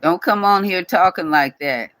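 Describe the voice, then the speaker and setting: A man rants at a commenter on his own channel. He talks in a repetitive, scolding way. His voice is bright and slightly high, recorded close and dry with no room sound. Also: moderate pace, no room sound, poor audio. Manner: scolding, repetitive, speaks directly to viewer. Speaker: channel owner addressing a commenter. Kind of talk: casual scolding vlog rant.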